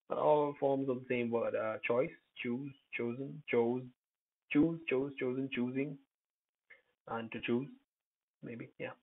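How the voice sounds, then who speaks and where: A man teaching English pronunciation in a relaxed lesson, calling out single words loudly and explaining them with hesitant pauses. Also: mid-range voice, vocal fry. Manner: hesitant, many uh fillers, thinks aloud. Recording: tinny phone-quality recording.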